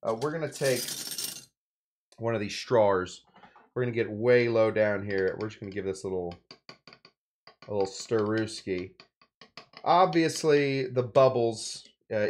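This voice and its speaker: A man from California hosting a casual cocktail-making video, talking in a rambling, jokey way with playful asides. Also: on the low side. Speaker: cocktail show host.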